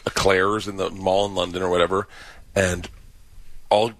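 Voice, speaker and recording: A man guesting as a comedian on a radio show, telling quick, emotional anecdotes. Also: sits low, flat delivery, fairly bright tone, no echo. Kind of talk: casual studio banter.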